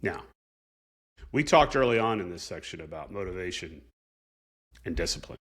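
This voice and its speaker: A man's voice: sits low, expressive, normal speed, a bit bright, slightly rough. A man hosting a podcast, telling a personal story in an earnest, reflective way. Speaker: podcast host.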